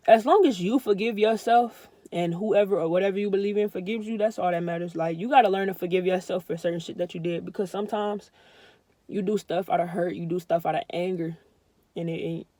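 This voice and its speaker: A woman's voice: mid-range voice, a little mellow, no echo. A young woman vlogging candid advice in a blunt, emphatic, heartfelt way, swearing freely and using lots of slang.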